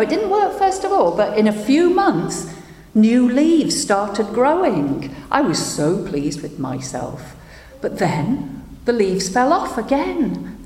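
A woman's voice: mid-range voice, darkish tone, voice pushed up. A woman voicing a weary doctor who apologizes that nothing can be done. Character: downcast doctor who feels a failure. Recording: echoey hall, faint ambience.

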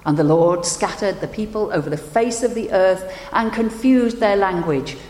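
A woman minister giving a sermon and leading a prayer, telling stories in a measured, gentle way. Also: medium pitch. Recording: echoey hall with long reverb.

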